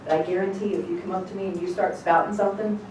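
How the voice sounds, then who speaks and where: A woman teaching a congregation as rebbetzin. She gives an informal sermon, reading scripture slowly and then talking bluntly and casually. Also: mid-range voice, steady tone, darkish tone. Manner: emphatic and blunt, shifting between slow scripture reading and quick casual talk. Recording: echoey room, distant mic, noisy.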